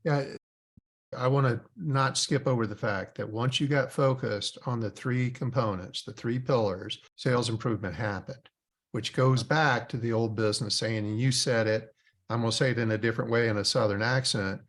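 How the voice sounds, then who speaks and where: This is a middle-aged man hosting a business podcast. He talks bluntly and with emphasis, and he lets a mild curse slip in now and then. His voice sits at an everyday pitch. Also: steady tone, normal speed. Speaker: podcast host.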